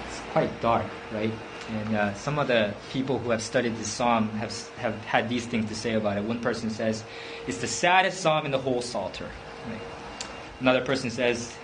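A man preaches in an easy, conversational way. His voice sits in a middle register, and he often stops to restart a thought or lean on a filler. A faint hiss of background noise runs under the recording. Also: medium pitch. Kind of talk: sermon.

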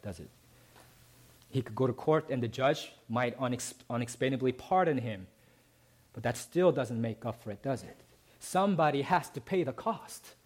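A man preaching a sermon, who often asks the congregation "right?" and moves between emphatic climbs and soft, low passages. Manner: rising to emphatic peaks, then dropping soft and low. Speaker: pastor.

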